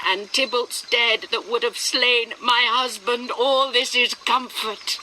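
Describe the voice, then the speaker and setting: A woman reading the part of young Juliet, a torn teenage bride, declaiming Shakespeare verse in a slow, deliberate way. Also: on the high side, background noise, natural voice. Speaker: reader of Shakespeare lines.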